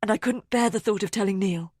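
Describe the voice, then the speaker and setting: A woman's voice: mid-range voice, fairly quick, darkish tone, husky, dry recording, studio quality, lightly acted. A woman reading an audiobook voices a grieving young woman who speaks in a strained, emotional, pleading way. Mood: distressed. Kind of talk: audiobook character voice.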